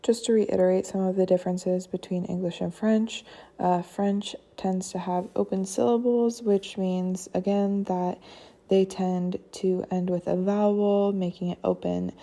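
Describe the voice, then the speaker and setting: A young woman giving a class presentation on phonology, unhurried and with frequent fillers. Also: medium pitch, little pitch movement, warm tone. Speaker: student presenter.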